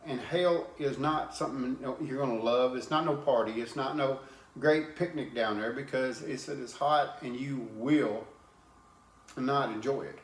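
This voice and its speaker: A man's voice: mid-range voice, a little slow, reverberant. A man preaching an informal sermon, plain-spoken and earnest, often repeating and restarting his words as he reads scripture.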